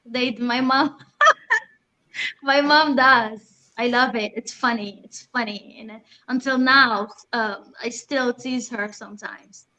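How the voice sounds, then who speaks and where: A woman with a high voice tells family stories in a playful way and laughs along as she goes. The sound is dull and lo-fi. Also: fairly even intonation, unhurried, few pauses, bright, forceful tone. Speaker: guest. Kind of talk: casual chat.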